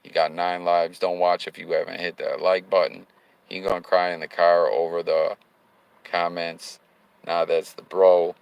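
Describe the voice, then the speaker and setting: A man's voice: sits low, little pitch movement, a little slow, gravelly, smooth, no room sound, low-quality recording. A man hosting a livestream from a car, chatting loosely and reading viewer comments aloud in slang-heavy talk with sudden hyped bursts. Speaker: livestream host. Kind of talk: casual live chat reading viewer comments. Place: in a car while driving.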